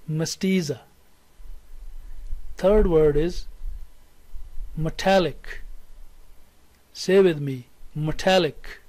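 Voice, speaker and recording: A man with a Pakistani English accent teaching a recorded English lesson, slow and deliberate, repeating words for students to say along. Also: on the high side, dark tone, rough recording. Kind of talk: recorded classroom lecture.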